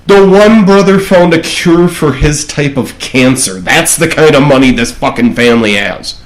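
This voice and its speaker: Casting: mocking, foul-mouthed male podcast co-host, slightly high voice, echoey room. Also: lively intonation, normal speed. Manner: profane, mocking, does brief impressions. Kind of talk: casual political chat.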